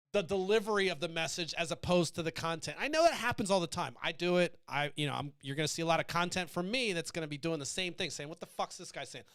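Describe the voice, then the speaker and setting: Blunt swearing American man, smooth voice. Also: a little high, fairly bright tone, no room sound. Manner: blunt, defiant, swears freely. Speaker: podcast host. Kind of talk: casual profane monologue.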